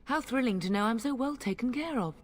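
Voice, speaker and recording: A woman's voice: a little high, animated, a little fast, lightly acted. A woman voicing a wry, sarcastic noble mother. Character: dry-witted noble mother, middle-aged lady.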